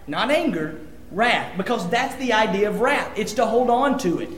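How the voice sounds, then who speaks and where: Man preaching, high voice, earnest and conversational, echoey church room. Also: lively intonation, moderate pace. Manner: earnest, conversational preaching with many restarts and scripture readings. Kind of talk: sermon.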